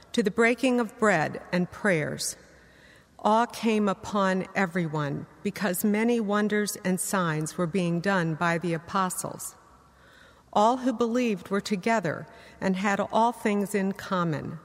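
A woman giving a measured, formal scripture reading during a church service. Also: mid-range voice. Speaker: scripture reader. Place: church sanctuary. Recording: church hall reverb.

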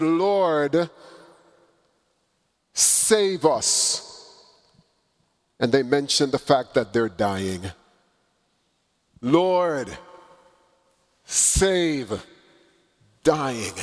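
A man preaching a sermon, with dramatic pauses and swelling emphasis. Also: mid-range voice. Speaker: pastor. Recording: long reverb in a large hall.

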